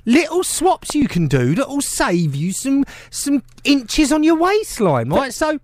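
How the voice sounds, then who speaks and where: A man's voice: very high voice, wildly swooping pitch, takes it slowly, no room sound. A man hosting breakfast radio, cheeky and teasing in playful banter from a studio.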